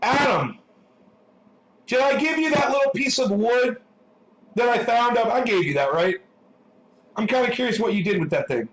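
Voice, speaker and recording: A man's voice: extremely high pitch, expressive, fairly quick. A man hosting a casual livestream, ranting with heavy swearing while reading and answering chat. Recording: echoey room.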